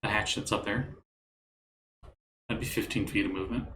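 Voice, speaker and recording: A man's voice: fairly low pitch, steady tone, moderate pace, reverberant, noisy background. A man narrating as game master of a tabletop game, casual and loose. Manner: casual, loose, laughs easily.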